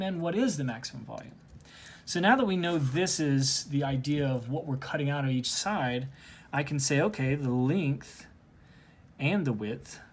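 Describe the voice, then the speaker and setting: A man teaching calculus in a relaxed, recorded lesson. He talks through each step aloud as he works the problem, keeping his voice at an ordinary middle pitch. The delivery is casual and conversational. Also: a little hiss or hum. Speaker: math teacher. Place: at home.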